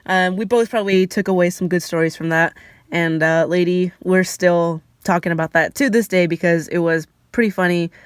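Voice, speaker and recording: A woman's voice: lowish voice, moderate pace, clear, resonant tone, no echo. Chatty young woman vlogger, dry sound. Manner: chatty and lively, with laughs and filler words. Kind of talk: casual storytelling.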